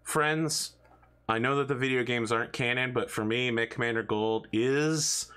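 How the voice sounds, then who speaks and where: A man hosting a tabletop wargame session as game master. He talks in a lively, joking way, with a bright, forceful tone at a middle pitch. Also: moderate pace, smooth. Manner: animated, jokey storytelling. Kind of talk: tabletop game narration, casual chat.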